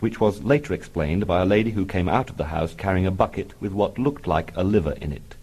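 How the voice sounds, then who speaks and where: A man reading his own comic book aloud in a dry, deadpan manner. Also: lowish voice, breathy edge, poor audio. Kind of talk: audiobook narration.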